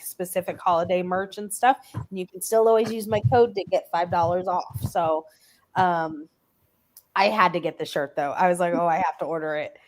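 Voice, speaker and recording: A woman co-hosting a reading livestream, talking casually and chattily with plenty of fillers. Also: on the low side. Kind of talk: casual chat.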